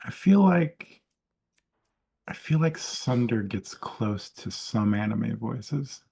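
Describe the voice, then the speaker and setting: A man's voice: mid-range voice, animated, takes it slowly, gravelly, warm tone, husky. A playful man co-hosting a podcast in casual chat, laughing often. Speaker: podcast co-host.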